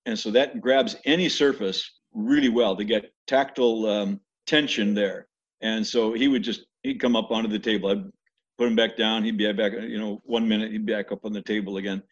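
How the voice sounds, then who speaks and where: An older man tells stories in a loose, rambling way, full of restarts and asides. His voice is a little husky, and the recording sounds dull and lo-fi. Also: lowish voice, fairly even intonation, normal speed. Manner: rambling, many restarts, imitates animal screams. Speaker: interviewee recalling mission life. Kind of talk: casual storytelling.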